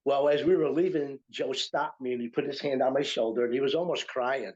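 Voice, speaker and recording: A man's voice: mid-range voice, fairly even intonation, brisk, darkish tone, lo-fi sound. An older man from upstate New York, a retired teacher and writer, telling a story in a casual interview with many fillers and restarts. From Utica, New York, USA.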